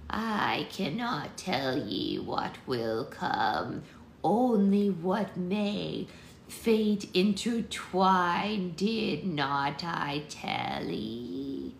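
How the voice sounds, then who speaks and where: A woman voicing an ancient witch seer, slow and archaic. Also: fairly low pitch, expressive, exaggerated voice. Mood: cryptic. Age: older. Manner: slow archaic drawl, breathy. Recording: echoey room with faint noise.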